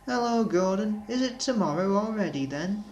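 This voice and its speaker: Brief: chirpy eager young engine, pitched up, read by a man. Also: lively intonation, normal speed, darkish tone, dull audio, slight background noise. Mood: teasing. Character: cheeky young red tank engine, male.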